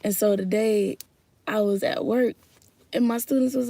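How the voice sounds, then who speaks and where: A young woman from Florida with a Southern accent, chatting casually to her viewers in a rambling, heartfelt way that swings from soft murmurs to loud bursts. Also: mid-range voice, steady tone, measured pace, vocal fry, no echo. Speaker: vlogger. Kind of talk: casual chat to camera.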